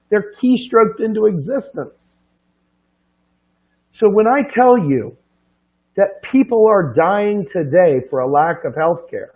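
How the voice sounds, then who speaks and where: A man giving an impassioned, profane monologue, hammering rhetorical questions and swinging between low, quiet stretches and sudden high, loud bursts. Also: muffled recording. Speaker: political commentator.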